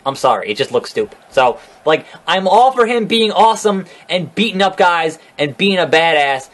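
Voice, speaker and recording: A man with a somewhat high voice gives a casual solo recap of a wrestling show. He rants and swears freely, with a sarcastic edge throughout. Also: fairly bright tone. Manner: ranting, profane, sarcastic.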